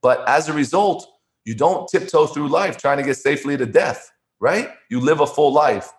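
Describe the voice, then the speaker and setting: A man's voice: on the high side, normal speed. A man, a former poker player, talking as an interview guest, earnest and given to repeating words and restarting. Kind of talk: conversational interview storytelling.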